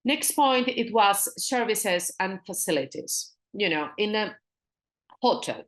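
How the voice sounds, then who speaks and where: A woman with a Spanish accent teaches business English online, saying phrases slowly and repeating them, then shifting into Spanish to explain. Her voice sits in the mid range and is expressive.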